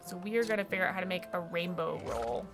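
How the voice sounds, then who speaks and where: A woman reading the lines of a tart, brisk witch in a video game, with game music behind. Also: lowish voice, animated.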